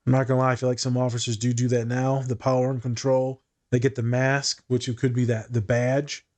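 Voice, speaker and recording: A man's voice: medium pitch, level tone, brisk, a little mellow. A man co-hosting a casual discussion, speaking bluntly and candidly, swearing freely and thinking aloud with fillers and restarts. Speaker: podcast co-host.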